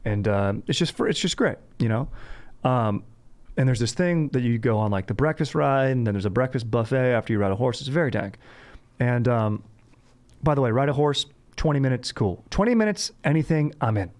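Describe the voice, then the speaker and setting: A man's voice: mid-range voice, animated, brisk, a little mellow. A young man hosting a podcast in laid-back, slangy casual chat, peppering his talk with "dude". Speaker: podcast host.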